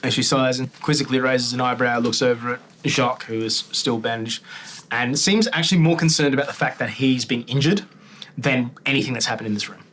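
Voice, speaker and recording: A man's voice: mid-range voice, fairly quick, slight background noise. Casual man game master. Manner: casual, relaxed narration with fillers. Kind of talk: narrating a tabletop game.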